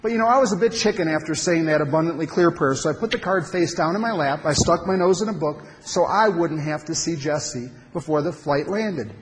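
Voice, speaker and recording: A man giving an animated, emphatic storytelling talk to an audience at a men's conference in a large hall. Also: fairly high pitch, fairly quick, few pauses, a little hiss or hum. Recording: long hall reverb.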